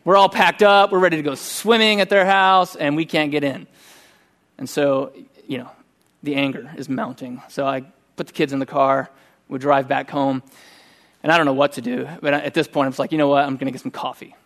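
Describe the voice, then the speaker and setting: A middle-aged man preaching a sermon, telling a personal story in a conversational, animated way. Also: a little high, normal speed. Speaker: pastor.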